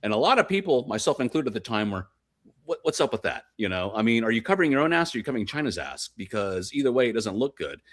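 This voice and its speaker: A man's voice: medium pitch, sing-song, racing, few pauses, a bit bright. A man speaking as a guest researcher on a podcast, explaining his case in an insistent, emphatic way. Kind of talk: fast podcast interview talk.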